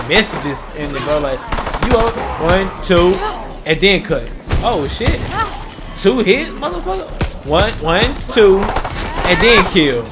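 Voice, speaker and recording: A man giving casual gameplay commentary as a gaming channel host, loud, profane and jokey, talking trash to the enemies. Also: high-pitched. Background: game music and gunfire.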